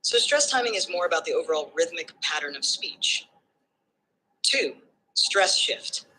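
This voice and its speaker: A synthetic assistant voice explaining phonetics like a tutor, in calm, structured steps that end by checking understanding. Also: mid-range voice, a little slow, breathy edge, low-quality recording.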